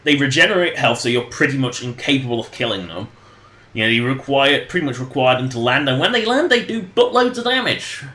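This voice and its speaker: A man's voice: medium pitch, expressive, brisk, pushed and bright, echoey room. A man casually commenting on his game during a livestream, rambling and joking and laughing at his own jokes. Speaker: game streamer.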